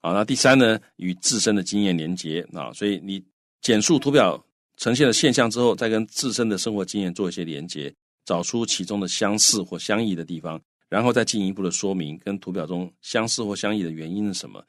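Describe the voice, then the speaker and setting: On a bilingual radio English lesson, a male co-host teacher whose first language is Mandarin explains things in Mandarin, slipping in English words. His voice is on the low side and a little fast, recorded in studio quality with no echo.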